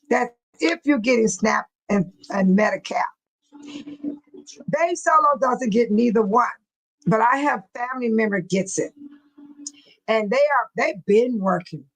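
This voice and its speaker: High-pitched lady hosting a live chat, rambling stories, laughing all the time. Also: a bit bright, poor audio. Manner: chatty, laughing often, colloquial storytelling. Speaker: live stream host. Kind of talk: casual chat with viewers.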